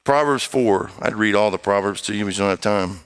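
A man preaching an animated sermon, reading scripture and raising his voice to exhort the congregation. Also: a little fast, clean tone. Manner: animated, shifts between low quotes and raised exhortation.

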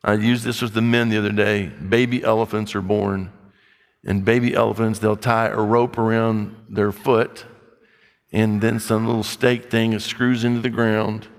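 A middle-aged male pastor preaching a sermon in a blunt, scolding way. His delivery is animated and direct. The voice carries a long reverb from a large hall. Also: fairly low pitch, moderate pace.

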